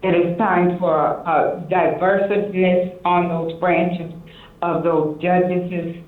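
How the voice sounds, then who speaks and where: A woman calling into a talk show, speaking slowly and emphatically about being fed up. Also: fairly low pitch, level tone. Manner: slow, emphatic, fed-up complaining. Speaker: caller. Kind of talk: call-in comment. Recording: tinny, echoey phone line.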